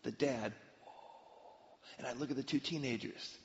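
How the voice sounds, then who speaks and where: A man's voice: mid-range voice, normal speed, big-room sound, dull audio, heavy background noise. A man preaching a sermon, telling stories and sometimes acting out the voices of the people in them. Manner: storytelling with lively acted-out voices. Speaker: pastor.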